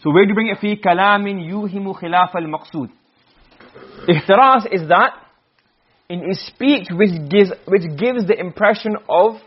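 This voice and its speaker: A man teaching Arabic rhetoric in a classroom lecture, posing questions and answering them himself, and quickly chanting Arabic verse between his English explanations. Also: high-pitched, slightly rough. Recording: dull lo-fi recording.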